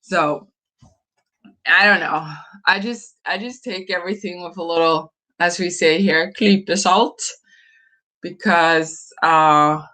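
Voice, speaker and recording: A woman's voice: on the low side, slow pace, bright, forceful tone. A woman in her forties from Norway, chatting casually and hesitantly with live viewers, laughing often. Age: 40s. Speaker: livestream host.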